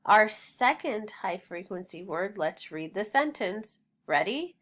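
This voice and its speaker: A woman teaching a phonics lesson, sounding out words slowly and deliberately. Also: mid-range voice, big pitch swings, a bit bright.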